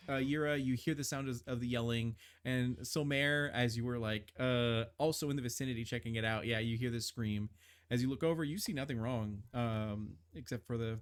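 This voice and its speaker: Man, game master, rambling tabletop narration, lots of ums and likes, mid-pitched voice. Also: clean tone. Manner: rambling, filler-heavy narration.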